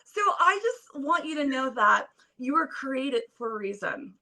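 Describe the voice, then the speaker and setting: A woman's voice: sits high, very animated, unhurried, pushed and bright. A young woman on a phone video call, speaking as a podcast guest in an earnest, emphatic, preacher-like way. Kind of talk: motivational interview talk.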